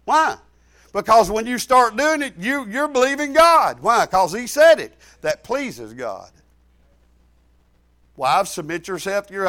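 A male pastor preaching a sermon in a folksy way, swinging between shouted lines and low asides. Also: big pitch swings, a little slow. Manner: folksy, rising to shouts then dropping low.

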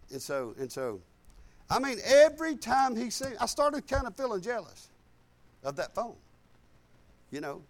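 A man's voice: extremely high pitch, very animated, a little slow, pauses often. A man in his fifties preaching a sermon, telling folksy personal stories in casual, colloquial grammar.

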